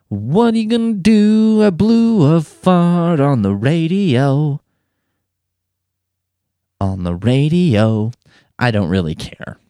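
A man's voice: on the low side, darkish tone, dry recording. A man hosting a podcast, talking in a rambling, irreverent, jokey comic monologue into a studio microphone. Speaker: podcast host. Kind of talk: casual comedic monologue.

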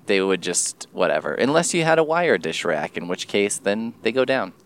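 A man rambling casually in a solo podcast monologue, swearing and jumping his pitch for emphasis. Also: big pitch swings, normal speed, clear, resonant tone.

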